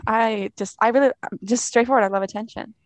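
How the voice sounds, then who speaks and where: A woman's voice: a little high, fairly even intonation, fairly quick, no echo. Brash playful woman on a podcast, dry close mic. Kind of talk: casual chat.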